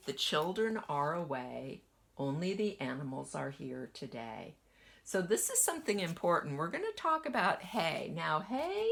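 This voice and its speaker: A woman kindergarten teacher gently reading a picture book aloud to children and asking them questions as she goes. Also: lowish voice, vocal fry. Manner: slow, lively sing-song storytelling.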